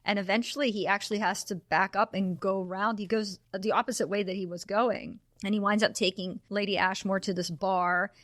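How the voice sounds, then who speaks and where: A woman's voice: mid-range voice, steady tone, fairly quick, hardly any pauses, fairly bright tone, no room sound, clean studio sound. A woman co-hosting a podcast, casually retelling a film's scenes and sometimes slipping into the characters' voices. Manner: retells scenes with quoted voices, laughs often. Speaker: podcast co-host. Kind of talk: casual film discussion.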